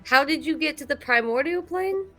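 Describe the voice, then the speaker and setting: Woman, tabletop player, animated voice, curious, faint music. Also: sits high, normal speed. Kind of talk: tabletop game chat.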